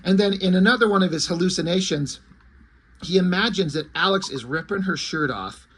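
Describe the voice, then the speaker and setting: Host-type man, bright husky tone, chatty comic recap. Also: high voice, a little fast. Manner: loose, chatty, with many fillers. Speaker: comic book reviewer. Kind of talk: casual comic book recap.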